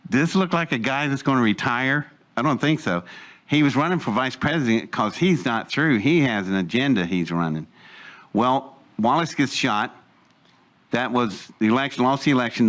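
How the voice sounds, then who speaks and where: A man's voice: mid-range voice, fairly bright tone. Picture an older man holding a room with a long personal story. He wanders off on tangents, backs up to fill gaps, and laughs at his own asides in an easy, unpolished telling. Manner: rambling, digressive, chuckling asides. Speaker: speaker telling a life story. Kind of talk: anecdotal storytelling to a live audience.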